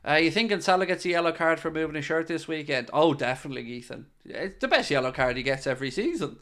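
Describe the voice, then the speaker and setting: A man's voice: a little high, expressive, quick pace, a bit bright. Chatty man answering live chat. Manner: chatty, answers viewer comments. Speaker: podcast host reading live chat. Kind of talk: casual live-stream chat.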